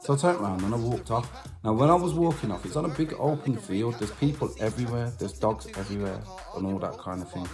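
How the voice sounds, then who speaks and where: Over music, a fast-talking man with a lowish voice vlogs to his subscribers. The vlogger and musician tells a personal story to camera, chatty and repetitive, sprinkling in slang.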